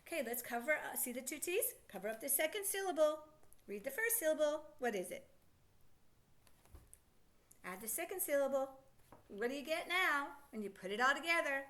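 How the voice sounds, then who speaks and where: Patient woman phonics teacher, high bright voice, sing-song prompts for young readers. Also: expressive. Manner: slow, encouraging, sing-song prompting questions. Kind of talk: slow, patient teaching to children.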